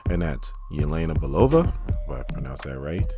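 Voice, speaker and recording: Over music, a man with a rumbling low voice reviews a superhero movie for his YouTube channel at a moderate pace. His take is casual and jokey, delivered with animated storytelling.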